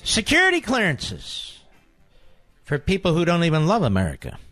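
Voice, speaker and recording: A man's voice: on the high side, wildly swooping pitch, moderate pace, bright, forceful tone, no echo, soft background music. A man hosting a talk radio show, delivering an indignant political monologue with heavy repetition.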